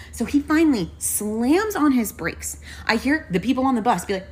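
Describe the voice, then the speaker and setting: A young woman telling a story in casual, profane speech, switching to high put-on voices for the people she quotes. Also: very animated, fairly quick, hardly any pauses, a little mellow, slight background noise.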